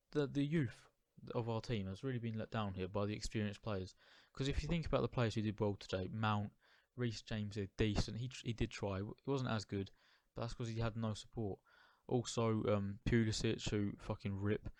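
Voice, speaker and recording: A man's voice: lowish voice, a little mellow, no room sound. Angry young man ranting. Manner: agitated, swearing, stumbling restarts. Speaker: football fan vlogger. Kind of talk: angry post-match rant.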